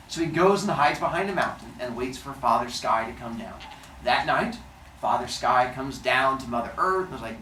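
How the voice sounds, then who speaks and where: Jokey male teacher, lively storyteller, distant and roomy mic. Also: mid-range voice, normal speed, slight background noise. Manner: playful, jokey asides. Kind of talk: animated storytelling to a class. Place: classroom.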